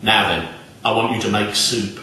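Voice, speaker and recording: A man's voice: fairly low pitch, moderate pace, bright, forceful tone, a little hiss or hum. A man voicing a spoiled, hot-tempered king who talks in a demanding, blustering way. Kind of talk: storytelling acted voice. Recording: very echoey room, distant mic.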